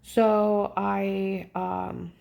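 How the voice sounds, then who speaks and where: A woman telling a personal story in a rambling, agitated way, often pausing to ask "okay?" and trailing off. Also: mid-range voice, little pitch movement, creaky, a little mellow. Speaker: vlogger recounting a personal ordeal.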